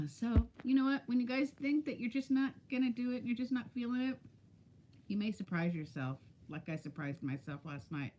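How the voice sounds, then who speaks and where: A woman's voice: a little high, animated, moderate pace, warm tone, a little hiss or hum. A woman in her fifties chatting casually on a live stream, telling stories and greeting viewers by name. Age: 50s. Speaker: weight-loss vlogger.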